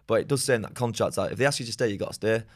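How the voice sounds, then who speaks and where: A man, telling rambling, sweary stories as a podcast guest. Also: on the low side. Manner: fast, rambling, swears often, laughs. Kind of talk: casual storytelling chat.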